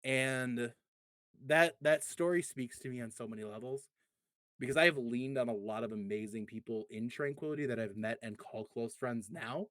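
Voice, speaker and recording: A man in his thirties with a mid-pitched voice who talks in an earnest, reflective way and keeps restarting his sentences. The recording is dry and close. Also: normal speed, a bit bright, dry recording. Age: 30s. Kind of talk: casual podcast chat.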